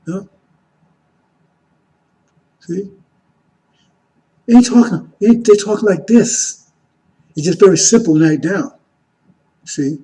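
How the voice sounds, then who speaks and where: A man giving an informal teaching sermon, repeating "See?" and "right?", moving between loud emphatic lines and quiet asides. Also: high voice, slow pace, pauses often, rough recording. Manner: repetitive, keeps asking "See?" and "right?". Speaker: religious teacher.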